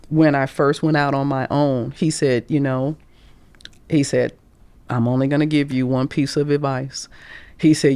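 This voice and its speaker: Here a middle-aged woman with a low voice tells candid career-coaching stories on a podcast. She brings energy to it, voicing the people she quotes and lowering to whispers at moments. There's no echo on the recording.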